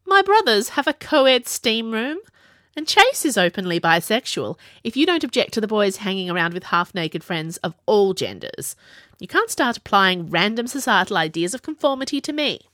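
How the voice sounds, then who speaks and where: A woman plays a wild-haired young princess who is bossy and full of herself. She talks briskly, her voice rising and falling freely. The recording is close and dry. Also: medium pitch, big pitch swings, fairly bright tone, dry recording, pitched above the performer's own voice. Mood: sharp. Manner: brisk, self-assured. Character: bold, bossy young princess, spirited and teasing.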